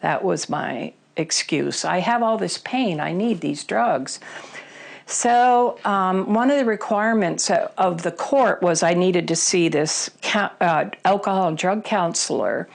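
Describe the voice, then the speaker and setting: Very gravelly low-voiced woman. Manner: candid and emotional, with many fillers. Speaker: interviewee. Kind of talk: personal recovery story.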